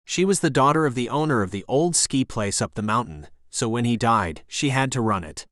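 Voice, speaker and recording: A man's voice: mid-range voice, lively intonation, fairly quick, dry recording, clean studio sound, close to an everyday voice. A man voicing a friendly, chatty young waitress with an English accent. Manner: breezy, chatty, warm.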